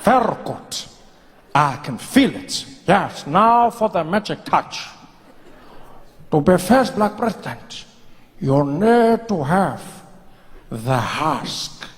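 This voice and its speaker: A man voicing a grave old statesman who speaks slowly and deliberately, with weighty pauses. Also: sits high, lively intonation, long reverb tail. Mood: solemn. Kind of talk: stand-up character voice.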